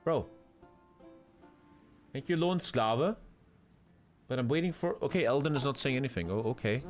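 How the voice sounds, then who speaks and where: A man's voice: medium pitch, lively intonation, moderate pace, soft background music. A young man streaming a strategy game live from home, crude and hyper as he banters and swears at chat.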